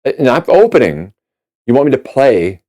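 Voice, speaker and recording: A man from Minnesota, a musician guest on a podcast, telling a story with lively acted-out dialogue. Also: medium pitch, normal speed. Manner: animated storyteller acting out quoted dialogue.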